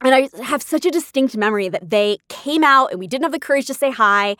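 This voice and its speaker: A woman's voice: high-pitched, animated, a little fast, sharp tone, no echo. A woman, a podcast host telling personal stories in a chatty, emotional way, often laughing. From California. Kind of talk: personal storytelling.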